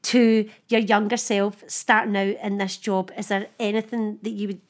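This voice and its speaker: A Scottish woman with a Glasgow accent hosting a casual chat, telling lively anecdotes and laughing often. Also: mid-range voice, moderate pace. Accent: Glaswegian Scottish. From Scotland. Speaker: podcast host.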